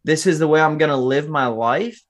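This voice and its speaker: Speaking at normal speed in a voice on the high side, a man in his 20s shares his life story as a podcast guest. His tone is earnest and motivational, and he keeps turning to address the audience in this candid interview.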